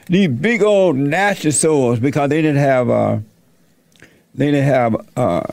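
Slow gravelly-voiced man preaching a story. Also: medium pitch, a little mellow, dry recording. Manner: folksy, plainspoken retelling. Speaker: host and preacher. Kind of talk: sermon-like Bible storytelling.

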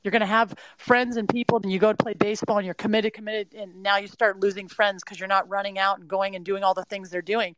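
A woman's voice: medium pitch, level tone, quick pace, few pauses, fairly bright tone, low-quality recording. A middle-aged woman from California, an interview guest giving earnest, emphatic mindset advice to athletes, full of "you know" fillers. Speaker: mindset and performance adviser. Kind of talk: interview guest, motivational talk.

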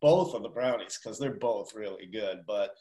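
A man co-hosting a local radio food show who leads food tours, telling stories in a lively, animated way. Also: lowish voice, normal speed, reverberant, low-quality recording. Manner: animated storyteller. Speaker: radio show co-host and food tour guide. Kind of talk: casual radio chat.

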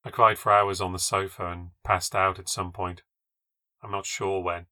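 A man's voice: low voice, little pitch movement, moderate pace, sharp tone, no echo. A man narrating a scripted ghost story in a dramatic, vivid reading style, close to the mic.

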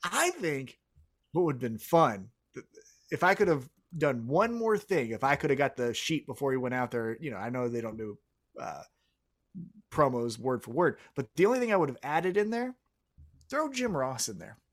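A man co-hosting a casual wrestling podcast, talking fast and with strong opinions. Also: mid-range voice, big pitch swings. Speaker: podcast co-host.

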